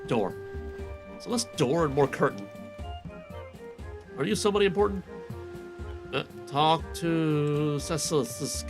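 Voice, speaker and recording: A man's voice: a little high, expressive, a little slow, pauses often, music in the background. A man casually commenting while playing a role-playing game, reading character dialogue aloud and mocking his own attempts at voices. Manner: chatty, self-mocking, reads NPC lines in put-on voices. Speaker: gaming YouTuber voicing a quest playthrough.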